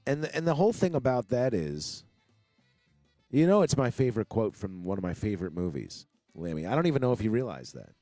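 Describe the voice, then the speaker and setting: A man's voice: lowish voice, big pitch swings, a little fast, dark tone, dry recording, faint music behind. A young man hosting a casual online talk show, rambling with many fillers and restarts. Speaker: podcast host. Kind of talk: casual chat.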